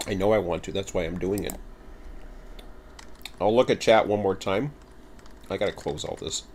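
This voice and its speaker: A man hosts a casual game livestream from home, talking in a loose, rambling way and teasing himself. His voice sits a little low. Typing on a keyboard clicks in the background. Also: moderate pace, a little mellow, slight background noise. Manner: rambling, chatty, self-mocking. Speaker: game streamer.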